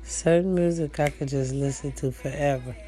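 A woman's voice: deep voice, fairly even intonation, normal speed, dark tone, soft background music. A woman hosting a casual livestream from home, chatty and profane, talking straight to her viewers. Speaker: livestream host. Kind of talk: casual chat. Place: at home, indoors.

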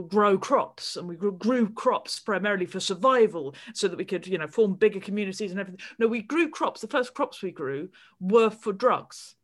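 A woman, co-hosting a podcast and explaining ideas with animated enthusiasm in casual chat. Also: mid-range voice. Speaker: podcast co-host.

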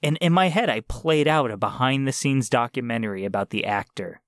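A man on a podcast rambling excitedly in casual chat, full of fillers and side turns. His voice sits at an ordinary pitch. The sound is dry and close. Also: a little fast, no room sound. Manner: rambling, enthusiastic, lots of fillers. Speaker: podcast host.

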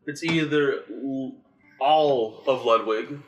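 A man hosting a casual podcast, excitable, swearing and laughing as he chats with friends. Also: mid-range voice, takes it slowly, low-quality recording. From United States. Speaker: podcast host. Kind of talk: casual chat.

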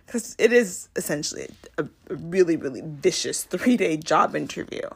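Chatty woman podcaster, animated asides. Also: normal speed, creaky, slightly rough. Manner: chatty, animated, acts out her own reactions with big pitch jumps; frequent fillers and self-corrections. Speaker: podcast host. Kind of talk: casual solo commentary. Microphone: home podcast mic.

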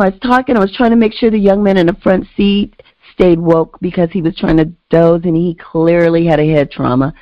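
A woman's voice: moderate pace, no room sound. A woman casually telling a story on a podcast, animatedly acting out the voices of the people in it. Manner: animated, acts out quoted voices with big pitch jumps. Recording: dull lo-fi, dry sound.

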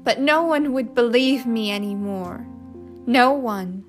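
A woman reading a story aloud, voicing a despairing middle-aged father who sobs out his words loudly, with soft music behind. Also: fairly high pitch, slow. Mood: anguished. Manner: loud, anguished, breaking.

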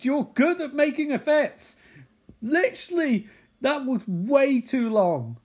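High-voiced man riffing sarcastically. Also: a little slow. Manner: sarcastic, swears, gets excitable. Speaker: movie reaction commentator. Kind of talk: casual live movie commentary.

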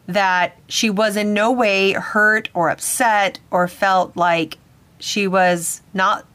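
A woman's voice: medium pitch, a bit bright, no echo. A woman hosting a podcast as a psychic medium, telling a personal story in an earnest, slightly hesitant way.

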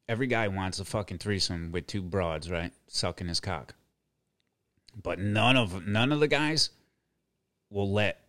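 This middle-aged podcast host has a lowish voice, recorded without echo, as he launches into a profane comedic rant full of repeated phrases and chuckles.

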